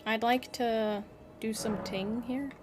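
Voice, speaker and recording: A woman streamer chatting casually with her viewers while playing, excitable and giggly. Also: on the high side, takes it slowly, over music. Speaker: game streamer. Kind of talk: casual live-stream chat.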